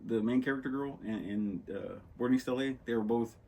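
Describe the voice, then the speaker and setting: A man's voice: mid-range voice, brisk, mellow, slight background noise. A man hosting a podcast, chatting casually and rambling through movie stories, acting out lines in a loose, laid-back way. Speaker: podcast host. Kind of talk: casual chat about movies.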